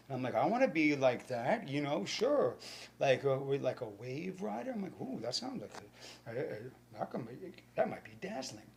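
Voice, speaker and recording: Gravelly New York man doing rambling stand-up. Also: a little high, sing-song, moderate pace. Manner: rambling, profane, acts out dialogue with sudden whispers and shouts. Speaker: stand-up comedian. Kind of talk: stand-up storytelling.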